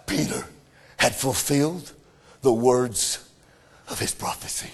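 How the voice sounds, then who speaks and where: A man preaching a sermon with fervent delivery that swells into shouts. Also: medium pitch, takes it slowly, gravelly, husky.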